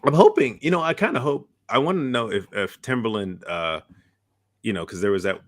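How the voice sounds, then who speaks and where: A man's voice: mid-range voice, fairly quick, no room sound. A man co-hosting a live talk show, chatting casually, laughing often and restarting his sentences. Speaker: podcast co-host. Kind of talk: casual chat.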